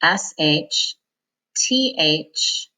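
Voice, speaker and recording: A woman teaching a reading lesson, sounding out words slowly, syllable by syllable, for students. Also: low voice, animated, bright, forceful tone, poor audio. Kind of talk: phonics lesson.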